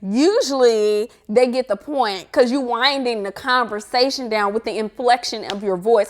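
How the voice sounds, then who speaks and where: A young woman with an African American English accent speaks to camera in a relaxed advice-giving vlog. Her voice sits a little high, and she is animated and playful. She breaks into sassy, sing-song interjections as she acts out everyday scenes. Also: a little slow, few pauses. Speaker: vlogger giving life advice. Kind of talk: casual advice talk to camera.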